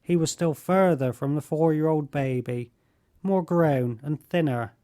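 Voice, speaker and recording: A man narrating a classic novel as an audiobook, reading in a slow, measured way. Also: fairly high pitch, dark tone. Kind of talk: scripted narration.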